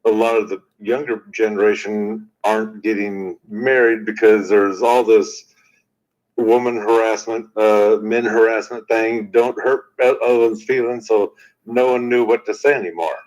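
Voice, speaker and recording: A man from the United States with a deep voice, chatting casually and joking dryly. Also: lo-fi sound. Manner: relaxed, dry joking, drawn-out opinions. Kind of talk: casual live-stream chat.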